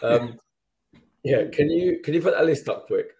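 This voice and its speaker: A man's voice: fairly high pitch, moderate pace, dark tone. A man co-hosting a football podcast, joking and breaking down the run-in in casual chat. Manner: joking, analytical. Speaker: podcast co-host.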